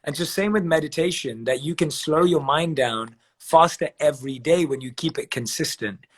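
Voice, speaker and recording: A man on a live video call giving measured advice, walking through examples step by step and repeating phrases for emphasis. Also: fairly high pitch, breathy edge. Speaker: guest speaker on meditation. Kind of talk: calm explanatory advice on a live video chat.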